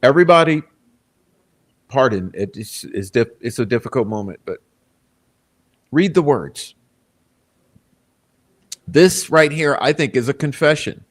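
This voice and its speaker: A male host reacting to footage, openly emotional and quick to swear. His pitch rises and falls widely as he talks. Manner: emotional, profane, animated. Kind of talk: reaction commentary.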